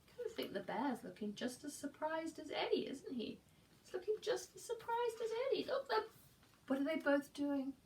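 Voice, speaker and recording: A woman preschool teacher reading a picture book aloud and gently asking the children questions about it. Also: sits high, big pitch swings, normal speed, distant mic, a little hiss or hum.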